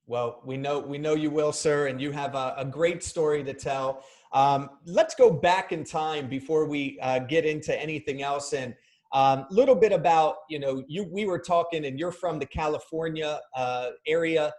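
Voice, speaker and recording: A podcast host, a man with a slightly higher voice than most men, asks his guest questions. He keeps it casual and prompts the guest to go back and tell his story. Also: moderate pace, darkish tone. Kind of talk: interview questions.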